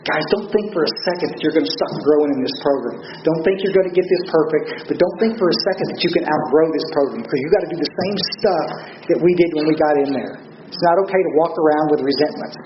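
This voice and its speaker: A man's voice: on the high side, fast talker, background noise. An older man with a Texan accent, telling stories at a recovery meeting in a folksy, earnest, blunt way. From Texas. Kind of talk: speaker talk to a meeting. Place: large meeting room. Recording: echoey room, dull lo-fi sound.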